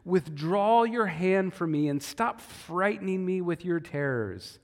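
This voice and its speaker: Preacher voicing a desperate, pleading sufferer; raised voice, reverberant hall. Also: male voice, high-pitched, animated, unhurried, gravelly, exaggerated voice. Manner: pleading, exasperated. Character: anguished pleading grown man.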